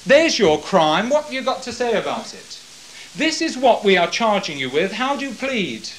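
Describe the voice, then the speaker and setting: A man voicing an indignant male high priest, loudly demanding answers from a prisoner. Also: sing-song, a little slow, slight background noise, rough recording. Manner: demanding, loud questioning.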